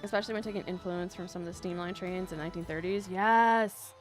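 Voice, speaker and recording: A woman's voice: on the low side, fairly even intonation, fast. A woman hosting a casual live stream, chatting and reading viewer messages aloud in a bubbly, rambling way, laughing often. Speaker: live-stream gaming host. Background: faint background music.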